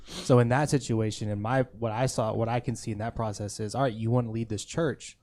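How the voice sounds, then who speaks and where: A man's voice: medium pitch, steady tone, fairly quick, a little mellow. A man co-hosting a faith talk show, earnestly explaining his views on leadership.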